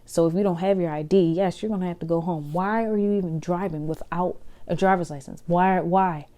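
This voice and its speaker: Low, mellow-voiced woman podcasting. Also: a little fast. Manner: chatty and conversational, laughing often. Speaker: podcast host. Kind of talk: casual solo podcast monologue.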